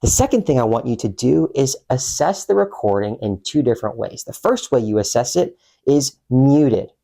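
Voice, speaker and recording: A young man coaching viewers on public speaking in a measured, emphatic way, slowing down to stress key words. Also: medium pitch, lively intonation, creaky, mellow. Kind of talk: instructional talk to camera.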